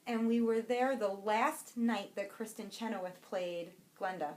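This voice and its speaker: A young adult woman co-hosting a podcast, chatting casually and excitedly about yarn she bought, rambling and breaking off her own sentences. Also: medium pitch, a little slow. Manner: bubbly, rambling, self-interrupting. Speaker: podcast co-host.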